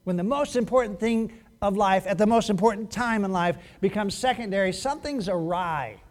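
A male pastor preaching a sermon in an animated, joking way, acting out quotes as he goes. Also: high voice, moderate pace.

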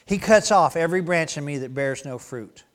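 Male preacher, fairly high voice, conversational sermon that moves from animated to hushed. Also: normal speed. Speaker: pastor.

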